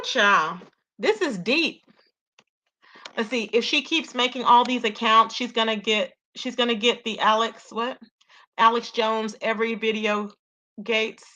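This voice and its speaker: A woman's voice: fairly high pitch, bright, forceful tone. A woman hosting a casual gossip livestream, reading chat and reacting with lots of exclamations. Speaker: livestream host.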